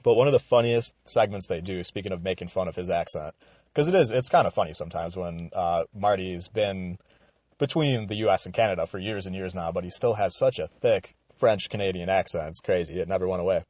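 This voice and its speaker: A young man from Western New York giving a casual, rambling opinion commentary, swearing freely and getting animated. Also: low voice, brisk, no room sound, lo-fi sound. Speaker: radio show commentator.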